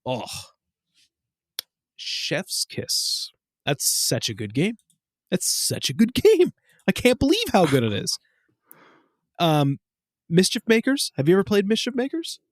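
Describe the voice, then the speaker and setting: A man in his thirties co-hosting a casual podcast, telling animated stories with lots of swearing. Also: measured pace, pauses often, no room sound, studio quality. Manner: animated storyteller, swears, acts out quotes in high voices. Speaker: podcast co-host. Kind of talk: casual chat.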